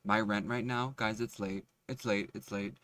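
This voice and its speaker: Walking city streets and waiting at a bus stop, a depressed young vlogger delivers a self-deprecating, foul-mouthed confessional ramble in a lowish, steady voice at a moderate pace. The recording is dry, but loud traffic and cars fill the background.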